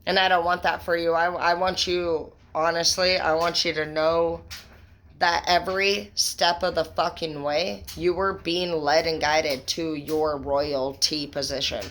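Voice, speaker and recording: A woman with a bright, forceful voice gives a tarot reading straight to her viewers. She talks excitably, swears freely and piles on emphatic praise and pet names like baby and bro. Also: low-pitched, a little slow. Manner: affectionate pet names, conversational fillers. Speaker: tarot reader.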